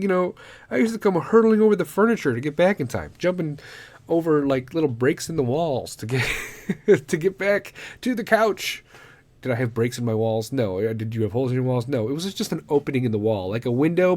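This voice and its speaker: A middle-aged man hosting a podcast, delivering a profane comedic rant that is full of swearing and bursts into shouted impressions. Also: on the high side. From Illinois. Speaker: podcast host.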